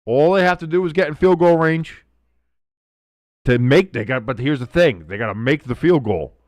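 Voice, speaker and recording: Man, streamer host: rowdy, cursing play-by-play with sudden shouts and low asides, dry close-mic sound. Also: normal speed, dry recording. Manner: excitable, profane, swings from yelling to muttering asides. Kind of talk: live game watch-along commentary.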